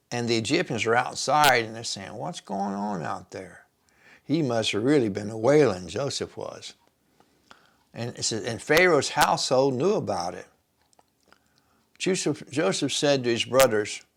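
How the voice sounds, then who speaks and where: Man with a gravelly voice doing a folksy bible study in his kitchen, chatty retelling. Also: mid-range voice, a bit bright. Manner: folksy, retells scripture in plain words with asides. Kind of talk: informal Bible study teaching.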